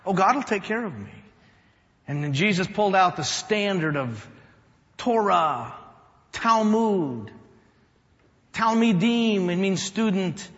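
A man in a pastor's role preaches a storytelling sermon, rising to loud emphasis and dropping to a hush. His voice sits a little high for a man. The sound is dull and carries a long reverb from a large church hall. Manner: storytelling, swings from loud to hushed. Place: church sanctuary.

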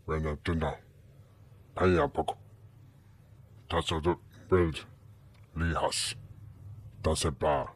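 A man's voice: very deep voice, steady tone, slightly rough, full character voice. A man chanting as an alien singing a strange message. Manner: slow chanted nonsense words.

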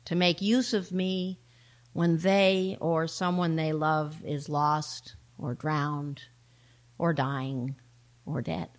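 A woman's voice: deep voice, flat delivery, slow pace. A middle-aged woman minister and chaplain preaching a sermon, telling a story in a wry, earnest way. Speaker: minister and law enforcement chaplain.

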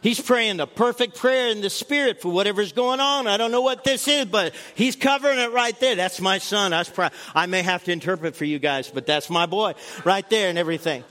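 A man in his sixties, a guest pastor, preaching a sermon with animated storytelling and acting out scenes. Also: high voice, brisk, hardly any pauses, in a large hall.

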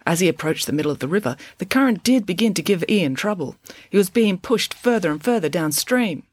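A woman reads a children's chapter book aloud with expressive storytelling. Her voice is on the low side and lively in pitch, recorded close and dry with no room sound. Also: fairly quick, no room sound. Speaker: audiobook reader.

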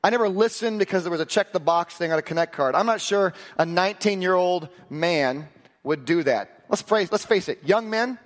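Animated male pastor preaching in a reverberant sanctuary. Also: high voice, normal speed. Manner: animated storytelling with acted-out dialogue. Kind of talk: sermon. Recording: long hall reverb.

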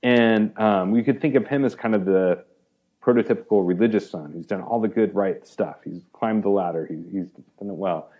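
A man's voice: on the low side, normal speed, phone-quality sound. A man talking as a guest in a conversational interview. He retells a parable with animation, acts out the lines of its characters and uses "like" often. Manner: animated storyteller, acts out quoted speech, many "like"s.

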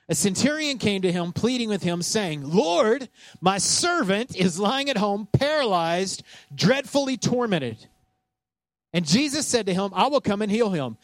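Guy preaching, high voice, dry close sound, jokes around and asks the crowd stuff. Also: no echo. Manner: conversational, joking, asks the congregation; acts out scripture scenes in voices. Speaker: pastor. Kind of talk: sermon.

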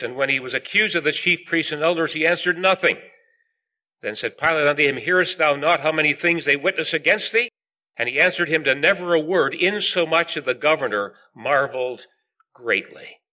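A man with a bright, forceful voice on the high side preaches a sermon to a gathered audience. He reads long King James scripture passages aloud, building emphasis as he reaches the questions.

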